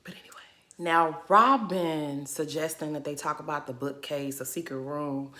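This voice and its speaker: Woman, casual reaction vlog, blunt and sassy, lowish pitch, bright forceful tone. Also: fairly even intonation, moderate pace. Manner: blunt, sassy, talks straight to the cast. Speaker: reality TV reaction vlogger.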